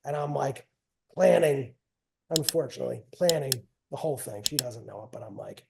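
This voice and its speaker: A man's voice: mid-range voice, animated, moderate pace, creaky, a little mellow. A middle-aged man, telling stories as a guest in a casual, rambling way and often repeating himself. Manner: rambling, repeats phrases, trails off. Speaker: guest, wrestling coach and father. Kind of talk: casual storytelling.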